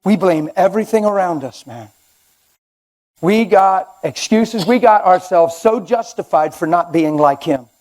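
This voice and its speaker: An older man preaching a sermon in a church, conversational and animated with sudden loud outbursts. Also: sits high, measured pace.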